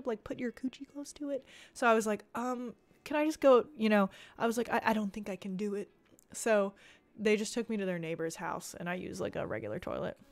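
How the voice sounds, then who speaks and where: Young woman streamer, loose and chatty, salty language, talks to chat between stories. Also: mid-range voice. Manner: chatty, swears a lot, reads chat aloud. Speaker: live streamer. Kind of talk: casual live stream chat.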